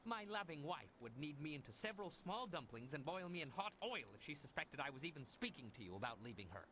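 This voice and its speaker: An actor playing a henpecked middle-aged ex-fighter turned bun maker, wry and self-pitying in a game. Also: male voice, a little high, very animated, fast, pushed and bright, slight background noise. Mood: rueful. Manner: wry, self-pitying, proud of small things. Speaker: game character.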